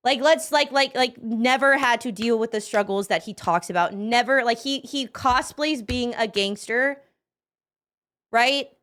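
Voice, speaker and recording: A woman's voice: a little high, a little slow. A woman streamer giving casual, profane reaction commentary, rambling with lots of fillers and restarts. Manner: animated, laughing bursts.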